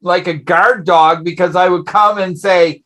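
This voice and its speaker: A man's voice: sits high, fairly even intonation, unhurried, sharp tone. A man hosting a podcast in casual chat, blunt and frank, with loose phrasing. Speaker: podcast host.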